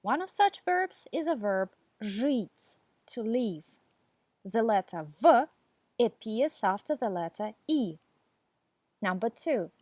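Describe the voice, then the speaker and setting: A woman reading a scripted beginner language lesson, enunciating each word slowly and deliberately for learners. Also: fairly high pitch, sing-song, a little mellow, no room sound. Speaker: language teacher.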